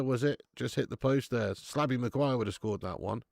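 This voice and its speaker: A man's voice: medium pitch, a little fast, creaky, few pauses, dry recording, studio quality. A man hosting a live football watch-along, chatting casually, bantering with viewers and swearing now and then.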